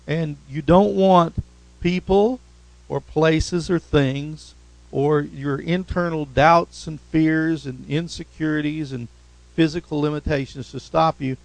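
A man's voice: fairly high pitch, creaky, no echo, low-quality recording. A man preaching a sermon as pastor, punctuating points with "amen?" and rising to emphatic repetitions. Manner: call-and-response preaching, repeated "amen?".

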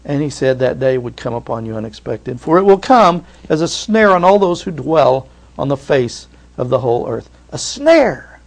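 A man preaching an earnest sermon as pastor, stumbling over and repeating words as he rises and drops sharply in pitch and loudness. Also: expressive, normal speed, creaky, few pauses.

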